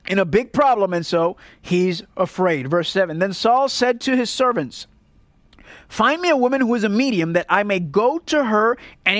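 A man's voice: high voice, dry recording. A male pastor from Puerto Rico preaching a sermon in an earnest, rhetorical way, often checking in with "right?".

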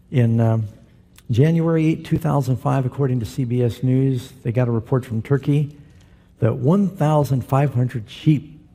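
A middle-aged male pastor with a dark, mellow tone and a slightly husky edge. He preaches in an easy storytelling way, slipping in humor and turning to the congregation with questions. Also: medium pitch. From Southern California. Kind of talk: sermon.

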